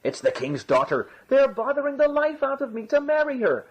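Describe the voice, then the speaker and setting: A man voicing a sly young rogue, wheedling and boastful, in a high voice. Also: big pitch swings, fairly quick, slight background noise. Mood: coaxing. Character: sly young Irish rogue, quick-tongued trickster. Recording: dull lo-fi recording.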